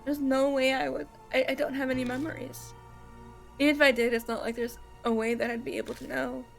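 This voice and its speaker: A woman's voice: sits high, level tone, fairly quick, gravelly, faint music behind. A woman reading the lines of a young male investigator with no memories in a game, plain and earnest.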